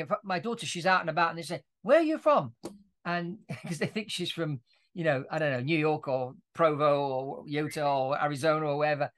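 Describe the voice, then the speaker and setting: A man in his forties who grew up in Italy, hosting a podcast interview as a chatty storyteller who laughs often. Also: on the high side. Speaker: podcast host. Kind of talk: casual interview chat.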